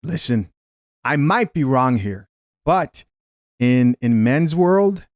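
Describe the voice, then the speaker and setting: A man's voice: medium pitch, lively intonation, slow pace, no room sound, studio quality. Opinionated man reacting to clips. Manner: opinionated, talks straight to viewers, reads comments aloud. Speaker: reaction video host. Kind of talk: casual commentary reacting to clips.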